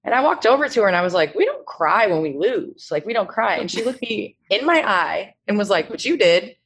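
A woman's voice: medium pitch, sing-song, fairly quick, a bit bright. A woman moderating a conversation, sharing a story thoughtfully and asking questions. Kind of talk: casual conversation.

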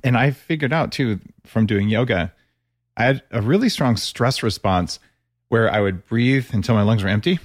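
A man's voice: medium pitch, normal speed, dry recording, clean studio sound. A man hosting a podcast interview, talking in a chatty, enthusiastic way. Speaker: podcast host.

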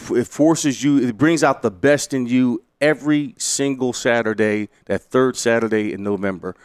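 A middle-aged man, a head coach and former player, telling a story in an interview with lively energy, laughing and acting out quotes loudly. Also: fairly low pitch, clear, resonant tone, no room sound, studio quality.

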